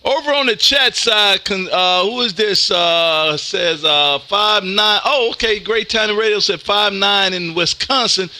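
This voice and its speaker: A man from Texas, a ham radio operator streaming live, talking loud and energetic as he makes contacts and calls "man" after almost every phrase. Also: high voice, measured pace, few pauses. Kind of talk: on-air radio contacts and chat. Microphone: close studio mic with headphones.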